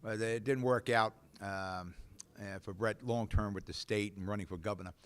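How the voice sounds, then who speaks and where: A man's voice: lowish voice, steady tone, moderate pace, smooth. A man hosting a local politics talk show, blunt and rambling, with frequent fillers. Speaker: host. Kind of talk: opinionated local politics commentary.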